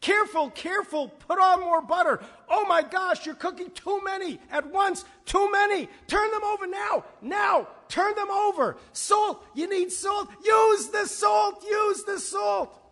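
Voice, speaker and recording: A man putting on a frantic shouting husband. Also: very high-pitched, a little slow, hardly any pauses, pitched above the performer's own voice, full character voice. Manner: shouting, fussy, urgent. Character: frantic nagging husband in the kitchen. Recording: long reverb of a large hall.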